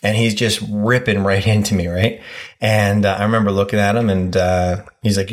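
A man co-hosting a podcast, calmly telling stories and acting out what people said, with kids at home. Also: fairly low pitch, moderate pace. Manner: calm, storytelling, acts out quotes. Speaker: podcast co-host. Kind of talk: casual chat.

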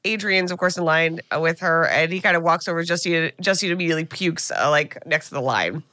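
American woman, podcast co-host, casual recap, bright tone, dry sound. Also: low-pitched, brisk, no echo. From United States. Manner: animated retelling, acts out characters' lines, swears casually. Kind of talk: casual movie recap chat.

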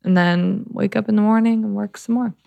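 A woman's voice: medium pitch, steady tone, a little fast, creaky, dark tone. A young woman guest on a podcast, chatting casually and candidly about her online business, with casual swearing. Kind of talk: casual chat.

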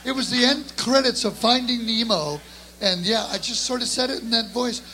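A man's voice: very high-pitched, moderate pace, poor audio. A man chatting casually and enthusiastically with friends. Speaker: drummer and voice actor. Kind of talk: casual chat.

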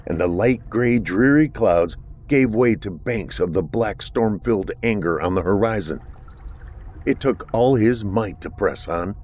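A man narrating a horror story with steady, dramatic delivery. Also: on the low side.

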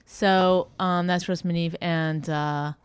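A middle-aged woman comedian co-hosting a casual chat, telling stories with animation and leaping into a high voice when she quotes people. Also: steady tone, takes it slowly, clear, resonant tone, dry recording. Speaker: podcast co-host and comedian.

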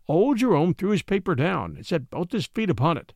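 Brief: male storyteller, expressive and wry, fairly high and animated. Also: fairly quick, few pauses, no echo, studio quality. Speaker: narrator. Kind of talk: dramatic story reading.

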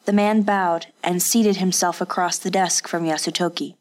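A woman reading an audiobook in steady, scripted narration. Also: on the low side, moderate pace, hardly any pauses.

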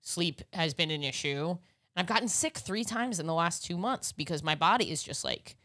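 A woman's voice: on the low side, expressive, no room sound, studio quality. Brash joking woman podcast host. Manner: brash, quick joking banter, bursts of loud laughter. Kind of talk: casual comedic podcast chat.

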